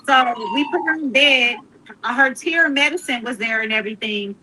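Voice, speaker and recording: A middle-aged woman from Missouri, telling a personal story in casual chat with earnest warmth. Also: fairly high pitch, normal speed, noisy background. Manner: earnest storytelling, quotes her grandmother with warmth. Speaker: guest.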